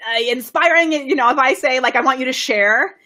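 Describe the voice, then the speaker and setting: A woman's voice: brisk, pushed and bright. A bubbly, enthusiastic woman coaching a live stream audience, often laughing and shifting her voice up and down to demonstrate delivery. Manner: bubbly, enthusiastic, laughs often, reads viewer comments aloud; varies pitch and volume to demonstrate delivery tactics. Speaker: on-camera presentation coach. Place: home studio, live video stream.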